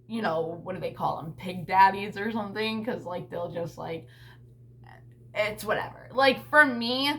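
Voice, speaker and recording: A woman's voice: medium pitch, unhurried, a bit bright, a little hiss or hum. A woman talking to her camera in a casual vlog, rambling bluntly with frequent swearing and lots of "like" and "you know.". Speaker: vlogger and mother.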